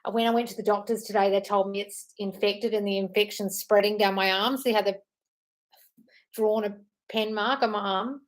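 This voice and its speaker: A woman's voice: mid-range voice, steady tone, normal speed. A woman hosting a casual live stream, chatting in a scattered, apologetic way while answering viewer comments.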